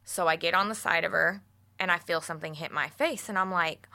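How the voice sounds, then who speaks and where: A woman with a lowish but bright, forward voice tells a story on a casual talk show. She is animated and profane, mixing laughter into her telling. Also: fairly quick. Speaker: podcast co-host. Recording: studio mic, radio show.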